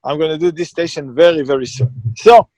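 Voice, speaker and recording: A man's voice: on the high side, fairly quick, darkish tone, dry recording. A man who runs a catering business, talking bluntly and with emphasis as an interview guest. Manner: emphatic, blunt, self-described perfectionist. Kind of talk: casual interview conversation.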